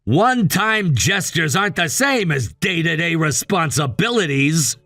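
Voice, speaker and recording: A man's voice: on the high side, expressive, unhurried, sharp tone, dry recording, heavily acted. A synthetic man's voice reading a cold, demanding husband with curt, dismissive lines. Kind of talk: text-to-speech story reading.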